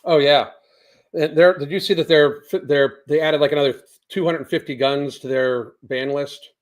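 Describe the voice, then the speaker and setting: A man's voice: on the high side, steady tone, moderate pace. A man co-hosting a casual talk show, mostly chiming in with short agreeing remarks. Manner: brief agreeing interjections. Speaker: podcast co-host. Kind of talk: casual chat.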